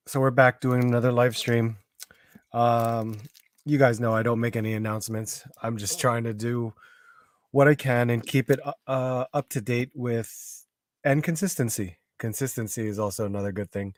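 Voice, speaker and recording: A man's voice: medium pitch, steady tone, normal speed, no echo, clean studio sound. A man hosting a casual live stream, tired and losing his voice, rambling and greeting viewers by name. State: tired, voice going hoarse.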